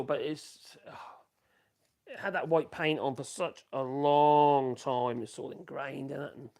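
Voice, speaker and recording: A woodworking livestream host with a fairly high, gravelly voice works in his workshop, casually rambling to viewers and muttering asides to himself.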